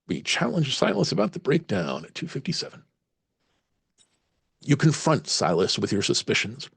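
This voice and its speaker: A man reads a solo tabletop horror adventure aloud as game master, stopping to weigh each choice. His voice is gravelly and husky, with lively pitch movement. It is recorded close and dry. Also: moderate pace, dry recording.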